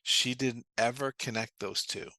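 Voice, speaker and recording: A man's voice: mid-range voice, steady tone, measured pace, pushed and bright, no echo. A man being interviewed as a trauma therapist, explaining earnestly and telling anecdotes in a conversational way.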